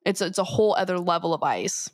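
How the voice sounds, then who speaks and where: Female co-host, slightly low voice, thoughtful casual chat, dry mic. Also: animated, fast talker, no room sound. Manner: thoughtful, hedging, with um and you know. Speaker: podcast co-host. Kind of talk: casual chat discussing a cartoon episode.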